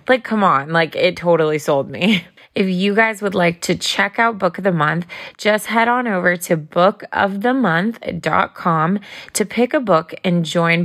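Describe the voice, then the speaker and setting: A woman's voice: fairly low pitch, a bit bright. Giggly young woman, chatty podcast host. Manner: chatty, giggly, uses like a lot. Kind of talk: casual podcast chat with ad read.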